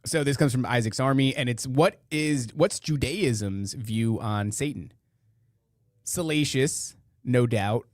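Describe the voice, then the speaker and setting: A male podcast host riffing sarcastically over clips he plays. His voice sits at a middling pitch and the sound is dry and close, with no room around it. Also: slow, no room sound. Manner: sarcastic, mocking, rambling asides. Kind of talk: casual commentary over clips.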